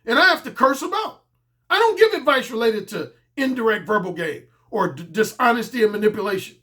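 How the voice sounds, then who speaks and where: A man's voice: very high-pitched, lively intonation, brisk, sharp tone. A middle-aged man giving a blunt, emphatic solo commentary as a dating coach, repeating his points for stress.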